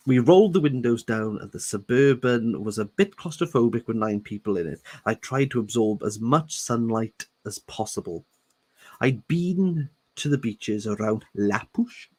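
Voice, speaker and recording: His voice is lowish and darkish: a man in his thirties from Wales, hosting a book channel, reads a novel aloud. He plays with the text, pausing to joke and repeating words that he likes.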